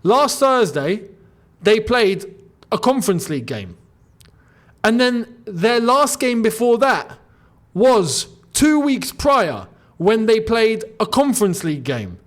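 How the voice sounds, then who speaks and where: A young man hosting his football channel, talking casually and with animated disbelief, jumping between loud outbursts and mutters. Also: high voice, slow. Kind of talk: casual solo commentary.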